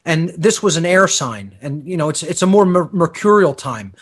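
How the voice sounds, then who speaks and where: A man's voice: fairly high pitch, expressive, moderate pace, slightly rough. A man speaking as a radio show guest, giving a long explanatory lecture and often checking in with "okay?". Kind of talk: explanatory lecture-style talk.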